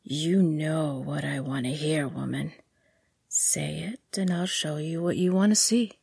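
A playful, commanding young lover who growls his lines low and half-whispered, as a woman reading the story voices him. He speaks slowly and unhurriedly. The voice is husky and breathy, in a dry, close room. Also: a little mellow, no room sound, exaggerated voice. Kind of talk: audiobook reading.

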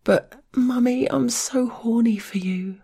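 A woman voicing a whiny, submissive young woman who pleads in a breathy whisper in a spoken audio story. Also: fairly high pitch, slow pace, dark tone, pitched above the performer's own voice, heavily acted. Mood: pleading.

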